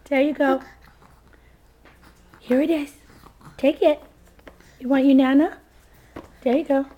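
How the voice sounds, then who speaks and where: A woman's voice: high-pitched, a little mellow. A young mother with a scratchy, sick voice, filming at home and coaxing her baby in sing-song baby talk. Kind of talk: home video chat with a baby. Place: home, at a baby's high chair. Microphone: camcorder microphone.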